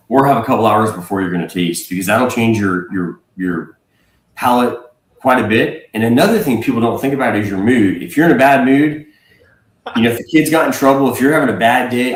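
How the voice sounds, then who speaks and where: A man, a whiskey blender, speaking casually as a livestream guest, relaxed and rambling with fillers and restarts. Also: medium pitch, echoey room, low-quality recording. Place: home.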